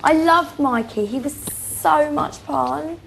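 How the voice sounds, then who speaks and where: A woman's voice: sits high, slow, vocal fry, fairly bright tone, a little hiss or hum, poor audio. A woman gossiping casually in a reality show house. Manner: chatty, gossipy. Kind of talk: casual chat.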